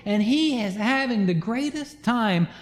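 A pastor with a notably high voice tells a story from the pulpit in an animated, laughing way. The sound carries a long reverb, as in a large hall. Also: male voice, measured pace. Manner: animated storyteller, laughs through his own anecdotes. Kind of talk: storytelling sermon.

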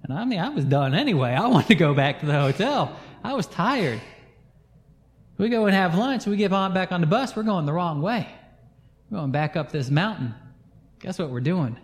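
A man, a pastor telling a lively personal story in a sermon and chuckling through it. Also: sits high, moderate pace. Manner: animated storyteller, laughs through his own anecdotes. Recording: long hall reverb.

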